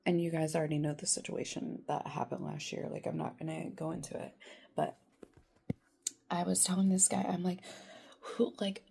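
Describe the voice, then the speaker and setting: Speaking with vocal fry, this woman has a low, darkish, slightly rough voice. She's a young vlogger ranting from her bedroom in casual exasperation, cursing often and saying "like" over and over.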